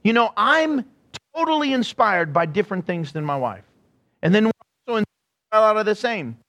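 High-voiced, animated preaching man. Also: normal speed. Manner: animated storytelling, acts out quotes and laughs often. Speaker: pastor. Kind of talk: sermon. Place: church.

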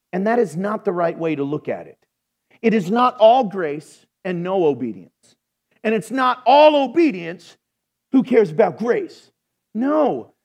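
A man preaching a sermon as pastor, animated, telling folksy jokes between points. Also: high voice.

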